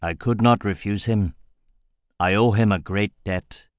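A man voicing a hulking male shaman mage lord, cold and wrathful, with a low rumbling voice and a formal, growling delivery. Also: a little slow, dry recording, clean studio sound, lightly acted. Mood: menacing.

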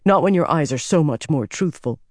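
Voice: medium pitch, expressive, fairly quick, no room sound, lightly acted. Narrator doing stubborn young prince, earnest, insistent, audiobook, dry sound.

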